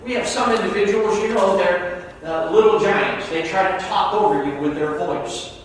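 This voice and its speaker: A male pastor preaching a sermon, moving between hushed and loud, emphatic delivery, recorded from far off in an echoey church hall. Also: high-pitched, normal speed, a little hiss or hum.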